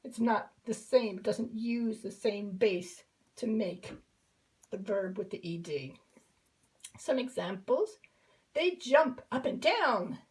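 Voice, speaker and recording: Woman, English teacher for kids, slow careful delivery, fairly high voice, patient drilling. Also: animated, a little mellow, low-quality recording. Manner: patient, repeats each verb form in drills. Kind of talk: slow classroom explanation.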